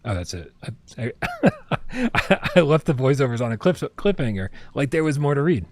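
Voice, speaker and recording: A man's voice: mid-range voice, expressive, moderate pace, a little hiss or hum. A man streaming a video game, chatting casually and reading on-screen text aloud. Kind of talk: casual gameplay commentary.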